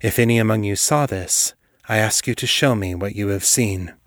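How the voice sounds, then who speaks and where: A man voicing a wise male elf biomancer who speaks gently and clearly. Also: fairly low pitch, moderate pace, dry recording, clean studio sound, lightly acted. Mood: solemn.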